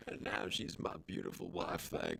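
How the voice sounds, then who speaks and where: Very deep, gravelly rambling man. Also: normal speed, bright, forceful tone. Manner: rambling, stammering absurd storytelling. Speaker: podcast co-host. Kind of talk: improvised comedy podcast.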